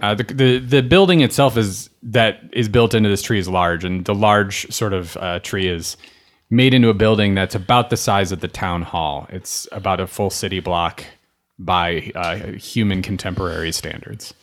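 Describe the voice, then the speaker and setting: A man acting as game master of a tabletop game narrates scenes at an easy, relaxed pace, describing things with lots of fillers. His voice is low and his pace moderate.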